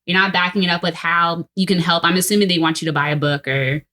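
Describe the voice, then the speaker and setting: A woman in a casual podcast discussion, talking in a playful, relaxed way as she reasons out loud. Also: fairly low pitch, fast.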